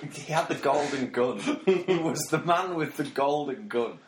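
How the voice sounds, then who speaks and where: A man's voice: a little high, expressive, a little slow. A man, trading dry, sarcastic jokes in casual banter as a podcast co-host. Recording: echoey room with faint noise.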